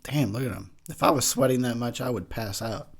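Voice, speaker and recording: A man's voice: medium pitch, brisk, vocal fry. A young man giving crude, joking commentary over a movie while drinking beer, laughing often. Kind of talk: casual drunk movie commentary.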